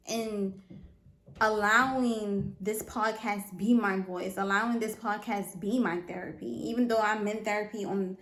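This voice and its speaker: Woman doing a solo podcast, earnest and emphatic, keeps repeating herself, kinda roomy echo. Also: medium pitch. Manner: earnest, emphatic, repeats phrases, asks the listener if they understand. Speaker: podcast host. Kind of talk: motivational solo podcast talk.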